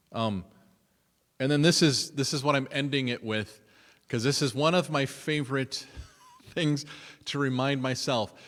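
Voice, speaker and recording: A man's voice: mid-range voice, a bit bright. Man leading a church class, reverberant hall. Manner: chatty, asks the group questions, reads scripture aloud. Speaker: adult forum leader at a church. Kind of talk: conversational church adult-education talk. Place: church meeting room.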